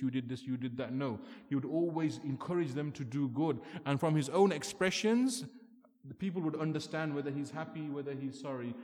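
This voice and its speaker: Guy giving a sermon, kinda high voice, long echo off the hall, earnest and pushy. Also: darkish tone. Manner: earnest, emphatic, rhetorical questions. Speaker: preacher.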